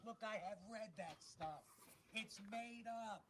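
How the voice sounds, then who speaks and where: A man's voice: high voice, unhurried, heavy background noise. An actor playing a film character who urgently insists he is telling the truth. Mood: pleading. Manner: urgent, pleading.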